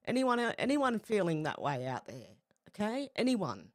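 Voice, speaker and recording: A woman's voice: mid-range voice, sing-song, a little slow, no room sound, studio quality. A woman hosting a casual live stream, greeting viewers and talking with feeling. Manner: emotional, breaks into soft singing.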